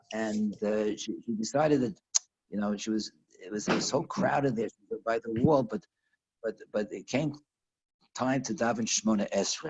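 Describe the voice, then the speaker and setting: A man teaching a lesson over a video call, telling a story in a halting way with lots of restarts and fillers. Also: fairly low pitch, creaky, husky, highs cut off. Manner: halting, repeats words, many fillers.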